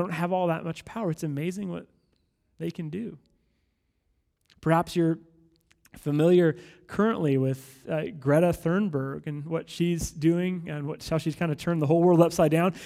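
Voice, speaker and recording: High-voiced man in his thirties preaching. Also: long reverb tail. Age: 30s. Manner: energetic, conversational, animated asides. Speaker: pastor. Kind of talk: sermon.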